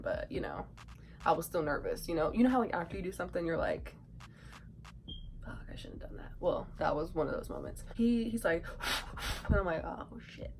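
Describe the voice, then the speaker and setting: A young woman with a lowish voice tells a childhood story straight to camera, casual and animated. She acts out what people said and drops into whispered asides now and then. A faint hiss sits under her voice. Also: poor audio. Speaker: YouTuber.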